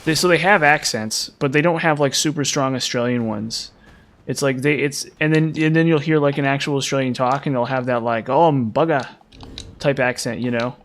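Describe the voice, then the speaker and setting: A man's voice: medium pitch, steady tone, brisk, a bit bright. Male streamer, casual rambling gameplay chat, mid-range voice. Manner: rambling, chatty, lots of fillers. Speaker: game streamer.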